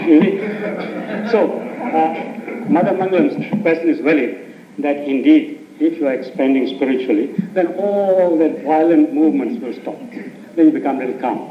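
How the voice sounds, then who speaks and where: A man's voice: on the high side, slight background noise. A man teaching meditation in an informal spiritual talk, telling stories and often breaking into laughter. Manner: anecdotal, laughs often, answers questions from the audience. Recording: dull echoey 1980s tape recording.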